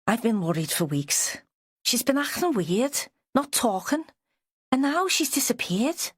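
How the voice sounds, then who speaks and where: A woman's voice: fairly high pitch, sing-song, unhurried, husky, no echo, studio quality, voice pushed up, exaggerated voice. A woman reading an audiobook, voicing an anxious, devoted Liverpool husband with a weedy voice. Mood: worried.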